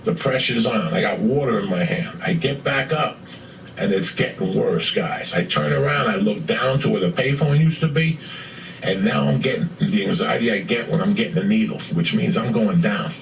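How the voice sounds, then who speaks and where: A man telling a story with profane, excitable energy, acting out what people said. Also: lowish voice, normal speed, vocal fry, slight background noise. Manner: profane, excitable, acts out quotes. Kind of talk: animated storytelling. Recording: roomy echo from a distant mic.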